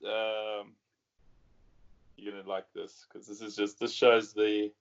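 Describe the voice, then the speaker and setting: A man's voice: lowish voice, slow, vocal fry. Joking man, dull lo-fi audio. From South Africa. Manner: relaxed, joking, self-mocking. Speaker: podcast guest. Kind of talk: casual chat. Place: home room, on a video call. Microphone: cheap USB mic hung from its cord.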